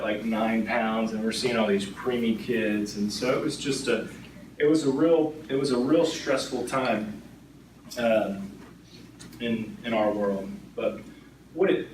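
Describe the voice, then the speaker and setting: A middle-aged man speaks at an event and tells stories to the crowd in a loose, chatty way, tagging many sentences with "right?". His voice sits at a mid pitch. It is picked up from a distance in a roomy hall, with steady background noise behind him. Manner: conversational, frequently adds "right?" tag questions. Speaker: insurance agent speaking as a guest. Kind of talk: storytelling talk to an audience. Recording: echoey room, distant mic, background noise.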